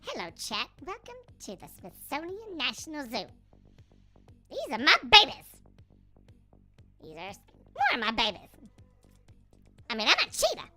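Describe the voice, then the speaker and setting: A woman's voice: sits high, wildly swooping pitch, unhurried, pauses often, bright, forceful tone, soft background music, exaggerated voice. A woman voicing a doting mother cheetah in a cooing, sing-song way. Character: doting mother cheetah, fierce but tender.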